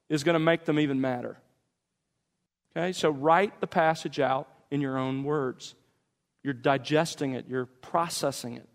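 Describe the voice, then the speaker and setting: A man's voice: a little high, a bit bright. Man preaching in a reverberant hall. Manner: measured, emphatic teaching with deliberate pauses. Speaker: pastor. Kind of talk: sermon teaching on scripture meditation.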